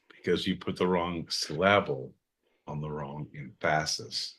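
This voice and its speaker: A man co-hosting a podcast in casual comedic banter, loud and profane with sudden bursts of energy. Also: a bass voice, a little slow, slight background noise. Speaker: podcast co-host.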